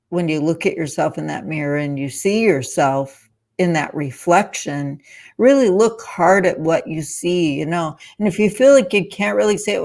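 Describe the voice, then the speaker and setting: A woman's voice: sits low, darkish tone. A woman on a podcast who speaks in a reflective, supportive way, often saying "you know". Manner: reflective and supportive, with frequent fillers. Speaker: podcast guest. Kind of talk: casual podcast conversation.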